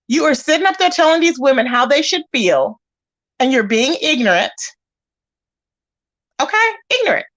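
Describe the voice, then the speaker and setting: High-voiced woman hosting live commentary. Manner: animated, talks straight to chat and calls people out. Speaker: livestream host. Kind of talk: casual commentary chat.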